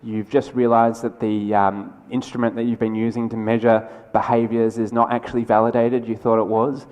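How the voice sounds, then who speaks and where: A man giving a conversational, energetic conference keynote, with quick asides and restarts. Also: medium pitch, dull audio. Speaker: keynote speaker. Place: large lecture hall. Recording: lecture hall with long reverb.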